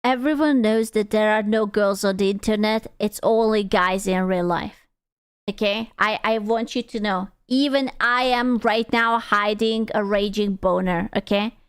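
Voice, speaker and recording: A woman's voice: medium pitch, measured pace, clean tone, dry recording, clean studio sound, faint music behind. A woman streamer reacting to a video in casual, rambling chat, swearing freely and joking as she goes.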